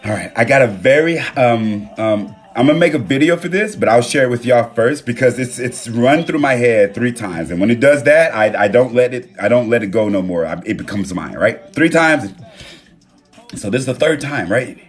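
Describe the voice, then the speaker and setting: A man hosting a live stream from his phone, talking in a relaxed, reflective way with loose slang and pausing to read viewer comments. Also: mid-range voice, husky, soft background music. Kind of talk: casual live-stream talk. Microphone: phone mic.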